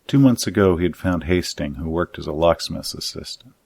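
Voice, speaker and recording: A man reading his own dark fantasy story aloud in a measured, even audiobook narration. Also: low-pitched, vocal fry.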